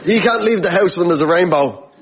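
A man's voice: high voice, expressive, a little fast, a loud crowd, very noisy. A man with an Irish accent doing wry storytelling stand-up in front of a studio audience. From Ireland. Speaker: stand-up comedian. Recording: muffled audio, studio audience.

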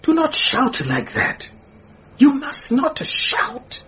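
An actor playing a gentle, nervous middle-aged man who pleads hesitantly, in a radio drama. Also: extremely high pitch, huge pitch swings, slow, highs cut off, a little hiss or hum, heavily acted. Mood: pleading.

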